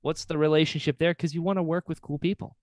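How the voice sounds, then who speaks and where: A man's voice: fairly high pitch, fairly even intonation, fast talker, no echo, clean studio sound. A man hosting a podcast, chatting casually and agreeing eagerly with his guest. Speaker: podcast host. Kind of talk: casual interview chat.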